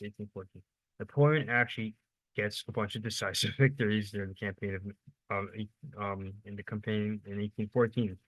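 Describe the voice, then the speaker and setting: A man's voice: lowish voice, fairly bright tone, no echo, poor audio. A young man giving a casual, unscripted history lesson, rambling and informal, with lots of fillers and self-corrections.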